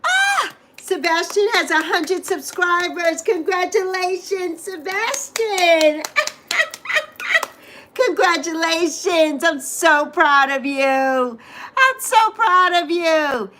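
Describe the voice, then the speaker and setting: A woman's voice: very high-pitched, expressive, slow, sharp tone, a little hiss or hum. A middle-aged woman hosting a casual livestream, greeting viewers by name and repeating phrases with gushing affection. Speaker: livestream host.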